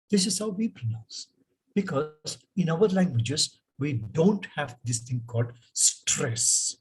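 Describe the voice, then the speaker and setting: Male teacher, slow and very raspy, lively up-and-down delivery. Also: a little high, poor audio. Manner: drills words by repeating them, explanatory. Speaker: English teacher. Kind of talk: classroom lecture on pronunciation.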